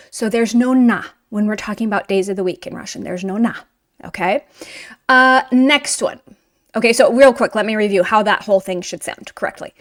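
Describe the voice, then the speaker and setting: A woman teaching Russian grammar, correcting a student's mistakes in chatty, lively explanations. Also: fairly high pitch.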